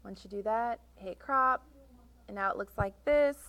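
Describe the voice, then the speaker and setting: Woman, software tutorial instructor, step-by-step narration, a gravelly fry in her voice. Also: medium pitch, normal speed. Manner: talks through each click step by step; reads instructions aloud, correcting herself. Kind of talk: screen-recorded software tutorial.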